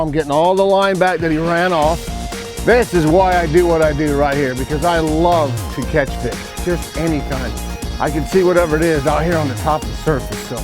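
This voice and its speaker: Excited folksy fishing guide. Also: male voice, a little high. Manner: excited, folksy, talks to viewers. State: breathing hard. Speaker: fishing guide and show host. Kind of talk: on-water fishing commentary. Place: outdoors on a boat.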